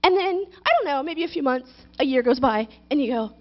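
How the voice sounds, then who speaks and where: High-voiced woman preaching a sermon. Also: lively intonation, brisk, few pauses. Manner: dramatic, acts out prayers in a whiny childlike voice. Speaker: guest minister. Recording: dull lo-fi recording.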